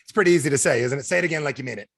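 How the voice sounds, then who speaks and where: A man with a rapid-fire, creaky delivery leads an animated sales training by video call. In this energetic coaching session he peppers listeners with questions and mimics quotes in a raised voice.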